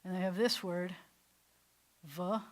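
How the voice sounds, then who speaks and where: A woman rabbi teaching a Hebrew class in a synagogue classroom, enthusiastic, slowly sounding out breathy words. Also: lowish voice, steady tone. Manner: enthusiastic, drawn-out breathy pronunciations.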